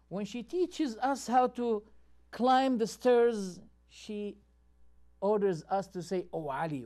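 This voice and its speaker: A man's voice: sits high, darkish tone. A man, a sheikh presenting a show and commenting on video clips with rhetorical questions and muttered asides.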